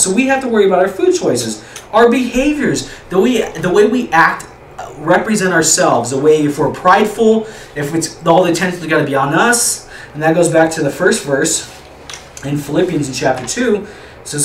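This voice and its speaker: Young male youth leader, loose chatty teaching style, recorded from across a room with faint background noise. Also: sits high. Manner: rambling, repeats words, asks the group questions. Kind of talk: informal youth group teaching. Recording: roomy echo, distant mic, faint room noise.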